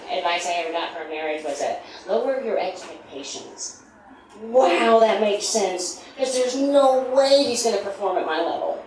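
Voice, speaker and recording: A middle-aged woman from the States rambles through a stand-up set, full of self-deprecating asides in a lowish voice. She is picked up from a distance in a very echoey room, with steady noise underneath. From United States. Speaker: stand-up comedian. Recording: echoey room from far, noisy.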